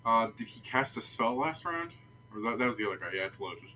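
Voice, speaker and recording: A man's voice: mid-range voice, expressive, fast talker, sharp tone, a little hiss or hum. A man running a tabletop game as game master, chatty and laughing often.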